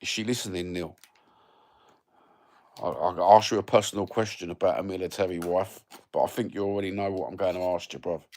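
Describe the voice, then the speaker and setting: Male livestream host, London accent, low voice, casual sweary banter to viewers over a phone mic. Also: fairly quick, a little mellow. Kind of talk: casual chat with live viewers.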